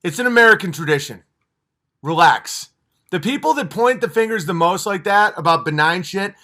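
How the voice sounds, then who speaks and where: A man hosts a livestream with a high, bright, forceful voice. He rants with heat, swearing freely and rambling between points. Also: lively intonation, moderate pace. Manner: passionate, profane, rambling. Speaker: livestream host. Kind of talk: heated livestream rant.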